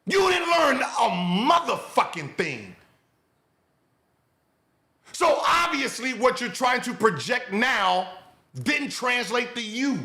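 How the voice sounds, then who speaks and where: A man rants in reaction commentary at a high, bright pitch, yelling with profanity and disbelief. His voice rings in a roomy, echoey studio. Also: very animated, slow, long pauses. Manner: loud, profane, incredulous shouting. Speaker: podcast host.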